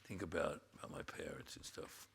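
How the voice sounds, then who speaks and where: A man interviewing a guest, asking thoughtful questions in a halting way and sometimes dropping almost to a whisper. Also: very deep voice, vocal fry, fairly bright tone, breathy edge.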